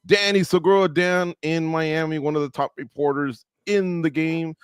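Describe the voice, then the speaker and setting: Guy hosting a sports roundtable, jokey and lively, dry close mic. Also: on the high side, normal speed, smooth, no room sound. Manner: jokey, animated, self-deprecating. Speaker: host. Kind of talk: casual roundtable chat.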